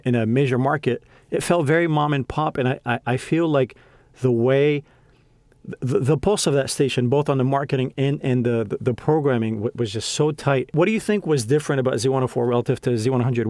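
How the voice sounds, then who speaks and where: A young man hosts a podcast and talks with warm, emotional sincerity, stumbling over his words and circling back as he goes. His voice sits at an average pitch for a man. The recording is dry and close, with no room sound. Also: no room sound. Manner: heartfelt, halting with many restarts. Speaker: podcast host. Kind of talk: casual conversation.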